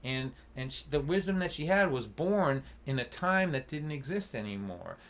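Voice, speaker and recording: A man in his sixties telling a personal story at a concert, earnest and halting, with restarts and an occasional cough. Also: mid-range voice, animated, a bit bright. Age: 60s. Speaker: folk singer and storyteller.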